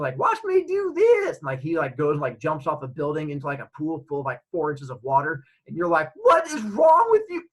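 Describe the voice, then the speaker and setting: A middle-aged man, a podcast host, telling a story in a chatty, animated way. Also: a little high, husky, low-quality recording. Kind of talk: casual storytelling.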